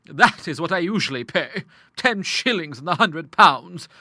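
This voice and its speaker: A man voicing a stern, grim older woman in an audiobook, speaking with forceful scorn. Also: on the high side, animated, measured pace, no echo, studio quality, pitched above the performer's own voice, exaggerated voice. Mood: brisk. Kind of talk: audiobook character voice.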